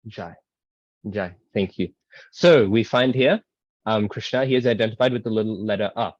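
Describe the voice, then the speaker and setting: A man with a fairly low voice teaches a scripture class over a video call, explaining points loosely with frequent fillers and "right?" checks. The sound is dull and dry, like call audio. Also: normal speed, no room sound. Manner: explanatory, many ums and rights, asides. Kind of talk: casual online class lecture.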